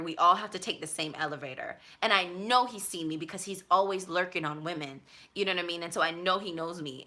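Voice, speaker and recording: A young woman vlogger telling a personal story in a casual, animated way, acting out her own inner voice. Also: lowish voice.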